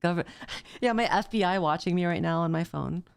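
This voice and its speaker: A woman's voice: lowish voice, moderate pace, gravelly, smooth, dry recording, clean studio sound. A woman streamer reacting bluntly to a story, swearing and thinking aloud. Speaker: VTuber streamer. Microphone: phone face tracking, desk mic.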